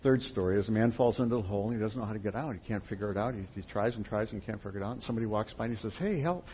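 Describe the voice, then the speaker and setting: A man's voice: fairly low pitch, fairly even intonation, racing. Folksy man telling parables to a gathering. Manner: folksy storyteller, leads the group directly. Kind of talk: sermon with storytelling. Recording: dull lo-fi, faint noise.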